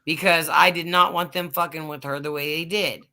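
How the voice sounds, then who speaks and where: A woman's voice: deep voice, fairly even intonation, normal speed, sharp tone. A woman hosting a casual livestream chat, telling rambling stories full of swearing. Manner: profane, rambling storytelling. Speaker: livestream host.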